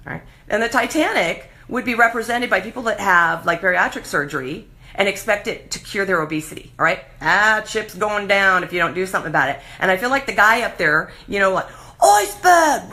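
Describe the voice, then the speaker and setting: A middle-aged woman hosting a live show, talking passionately and animatedly in a casual monologue. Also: medium pitch. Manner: passionate, animated, acts out voices of others.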